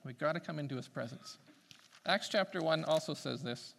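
A man preaching a sermon, swinging between loud emphatic peaks and quiet asides. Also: on the high side, normal speed, creaky, slight background noise.

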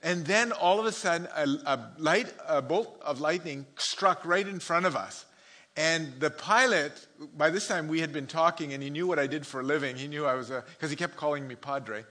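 Pastor, male, high bright voice, sermon with funny asides and chuckles. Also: normal speed. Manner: chuckles often, storytelling asides. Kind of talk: sermon with humorous anecdotes.

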